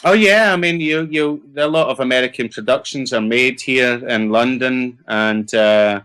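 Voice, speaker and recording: A man's voice: medium pitch, moderate pace, a bit bright, smooth. A middle-aged Scottish man, an actor answering interview questions in a chatty, rambling, self-deprecating way. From Scotland. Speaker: actor guest.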